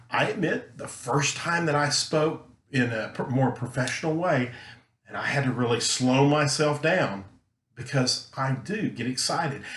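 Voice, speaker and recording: A man teaching a recorded lesson, talking earnestly and emphatically, deliberately slowing his delivery. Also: medium pitch, fairly bright tone, slight background noise. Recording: roomy echo.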